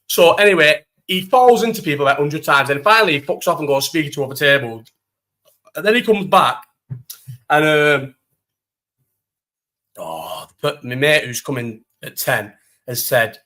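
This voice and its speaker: A young man hosts a casual live chat, telling a holiday story full of slang and swearing. His voice sits a little high and sounds bright and forceful. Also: sing-song, moderate pace, pauses often.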